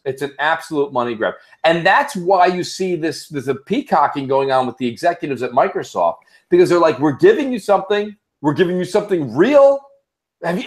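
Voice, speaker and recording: A man hosting a casual gaming podcast, an animated storyteller who swears freely. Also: a little high. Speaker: podcast host.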